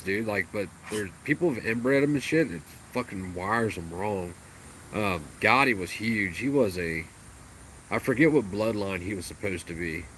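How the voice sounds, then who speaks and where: A man with a lowish voice chats on a casual home livestream, rambling about his dogs and cracking crude jokes. His talk is loose and unpolished. Insects and passing vehicles are clearly heard behind him. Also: a bit bright, slight background noise, low-quality recording. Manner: rambling, crude and joking, baby talk to the dog. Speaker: livestream host.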